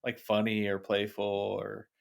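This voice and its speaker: Gravelly, low-voiced male co-host. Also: monotone, unhurried. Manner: hesitant, filler-heavy musing. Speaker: podcast co-host. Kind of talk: casual conversational chat.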